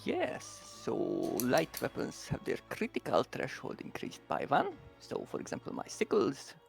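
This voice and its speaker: A man's voice: medium pitch, huge pitch swings, measured pace, creaky, soft background music. A man playing in a tabletop game, methodically reading his character's abilities aloud. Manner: methodical, reads ability text. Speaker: player.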